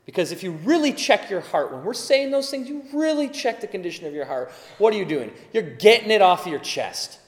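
A man's voice: sits high, big pitch swings, a little fast, hardly any pauses. A man preaching a sermon in an earnest, emphatic way, now and then acting out the voices he quotes. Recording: echoey hall with long reverb.

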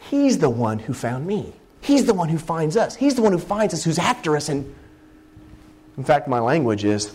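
Animated male preacher mid-sermon. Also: fairly high pitch. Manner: animated, exclaiming, acts out scenes.

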